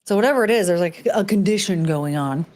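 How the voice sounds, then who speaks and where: A woman's voice: on the low side, expressive, fast, a little mellow. A woman hosting a casual chat while reacting to clips, rambling and blunt, swearing casually. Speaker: host.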